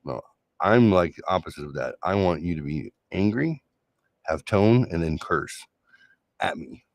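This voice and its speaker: A man's voice: deep voice, expressive, a little slow, no room sound. A man hosting a solo show, telling a rambling personal story in a sarcastic, casual way with frequent restarts. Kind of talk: casual monologue.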